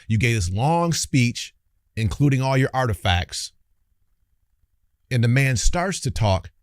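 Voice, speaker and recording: Hosting a reaction commentary, a man with a somewhat low, slightly mellow voice lectures his audience in a fired-up, colloquial manner. The studio-quality recording is dry.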